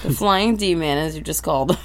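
A woman's voice: deep voice, fairly quick, slight background noise. A woman co-hosting a podcast, animatedly retelling a cartoon episode and acting out the characters' lines. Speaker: podcast co-host. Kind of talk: casual recap chat.

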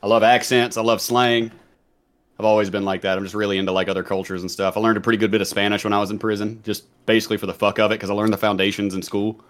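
Fast-talking man with a mild Southern accent. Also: lowish voice, little pitch movement, a bit bright. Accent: Southern American. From Southern United States. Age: 30s. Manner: rambling, laughing, swears casually. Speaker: podcast guest. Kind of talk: casual podcast chat.

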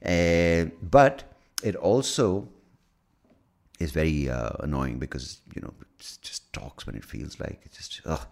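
A man's voice: very deep voice, unhurried, creaky. An American man hosting a podcast, talking in a rambling, profane, self-mocking casual monologue. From United States. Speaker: podcast host.

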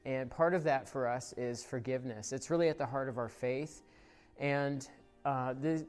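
A man, a pastor, giving a casual, conversational sermon at a church service recorded for online viewers. He tells stories with frequent fillers, growing animated in the telling and softening when reflecting. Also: medium pitch. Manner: grows animated and louder in the story, soft when reflecting.

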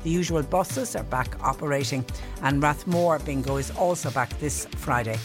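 A woman's voice: low voice, moderate pace, over music. Chatty woman radio presenter. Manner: chatty, frequent restarts and asides to listeners. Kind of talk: radio chat, reading listener messages. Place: radio studio. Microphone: studio microphone.

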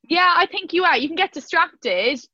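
A woman's voice: very high-pitched, expressive, moderate pace, dry recording, highs cut off. A young woman, chatting casually and laughing easily, with many "like" fillers as she co-hosts. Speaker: co-host. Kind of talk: casual chat.

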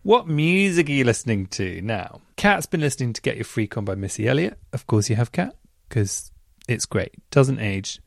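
A man's voice: mid-range voice, sing-song, normal speed, vocal fry, no echo. A man hosting a podcast, chatting and gushing enthusiastically while reading out listener messages. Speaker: podcast host.

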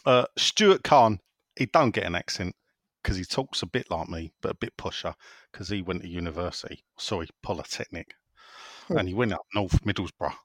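A man's voice: low voice, animated, moderate pace, no room sound. A man chats on a podcast. His voice swings up and down as he jokes and rambles through listener messages. The sound is dry and close. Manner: jokey, rambling, reads listener messages with banter. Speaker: podcast host. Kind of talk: casual podcast chat.

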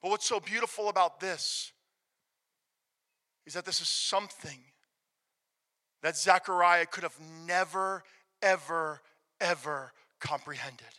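High, bright-voiced preacher in a reverberant hall. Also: male voice, unhurried, pauses often. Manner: emphatic, swinging from loud declarations to hushed near-whispers. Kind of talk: sermon. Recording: long reverb of a large hall.

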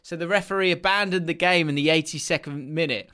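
A young man with a fairly high voice co-hosts a laid-back football podcast. He rambles and laughs a lot as he reads through the fixtures and tells stories. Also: fast, sharp tone. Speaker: podcast co-host. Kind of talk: casual football chat.

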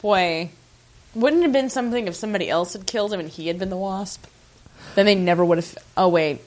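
A woman's voice: mid-range voice, fairly quick, a little mellow, poor audio. A woman co-hosting a casual podcast chat, tossing in wry joking asides. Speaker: podcast co-host.

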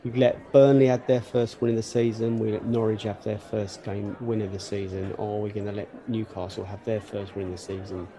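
A man's voice: lowish voice, level tone, a little fast, few pauses, warm tone. A man co-hosting a casual football fan podcast, chatty and full of hesitant fillers. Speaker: podcast co-host.

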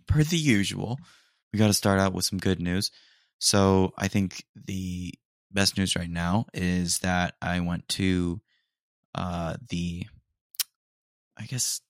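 A young man hosting a podcast, chatting casually and rambling, his voice a little hoarse. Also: low voice, dry recording, clean studio sound. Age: young adult. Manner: rambling, relaxed, many fillers. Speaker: podcast host. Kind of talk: casual solo chat.

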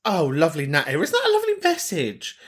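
A man's voice: a little high, huge pitch swings, fairly quick, very noisy. A man hosting a podcast, chatting casually and swearing freely as he reacts to listener messages. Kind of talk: casual chat.

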